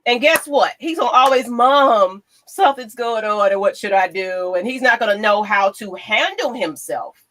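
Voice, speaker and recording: A woman's voice: on the high side, normal speed, few pauses, fairly bright tone. A woman in a casual podcast chat, giving firm, emphatic advice. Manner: emphatic, agreeing, gives advice. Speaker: guest co-host.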